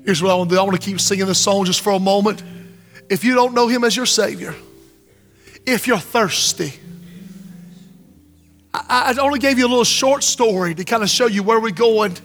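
A man delivers a fervent sermon in a high voice, now pressing hard, now hushed. The sound rings with the long reverb of a church hall. Soft music plays faintly underneath. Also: moderate pace, long pauses. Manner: fervent preaching, drops to hushed tones and breaks into song. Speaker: pastor. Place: church sanctuary.

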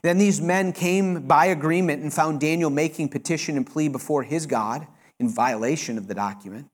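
A male preacher delivering a sermon, reading a scripture passage with expressive, emphatic delivery. He often stops to explain the text in his own words. His voice sits a little higher than most men's. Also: moderate pace. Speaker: pastor.

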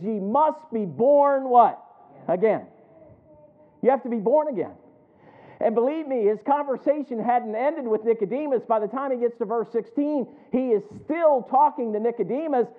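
A man preaching a sermon, drawing responses from his listeners and reading scripture slowly and with emphasis. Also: very high-pitched. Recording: tinny phone-like sound.

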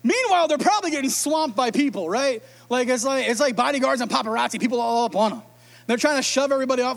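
Playful middle-aged pastor, very high voice, storytelling sermon. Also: male voice, expressive, fast talker, creaky, a bit bright.

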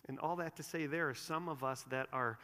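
A man's voice: a little high, a little fast. Earnest male pastor preaching in a reverberant hall. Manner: earnest, builds to emphatic peaks then drops soft. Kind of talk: sermon. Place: church sanctuary. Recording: long reverb of a large room.

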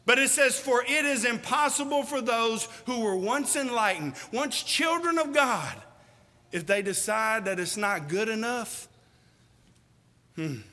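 A man's voice: very high voice, measured pace, pushed and bright. A man preaching a sermon, emphatic and folksy, firing questions at the congregation. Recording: reverberant hall.

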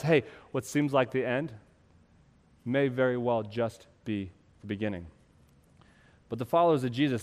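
A man preaching a sermon as pastor, building to loud, impassioned peaks and dropping to soft, slow passages. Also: medium pitch, big-room sound. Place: church.

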